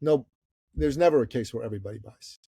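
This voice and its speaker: A man's voice: medium pitch, fast, vocal fry, breathy edge, dry recording. Middle-aged guy from iran telling a story on a podcast, acts out everyone, dry close sound. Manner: animated storyteller who acts out the people in his stories. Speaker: guest entrepreneur.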